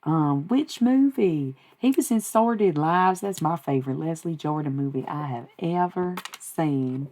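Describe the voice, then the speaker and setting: A woman's voice: sits low, expressive, measured pace, few pauses, dark tone. A woman on a casual live stream who talks about channeling spirits, chatty and rambling, swearing freely.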